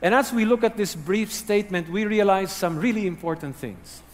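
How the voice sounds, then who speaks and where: A male pastor delivers an earnest, teaching sermon in a somewhat high voice. He sinks low and soft to press key words home. The sound carries a long echo from a large hall. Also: moderate pace.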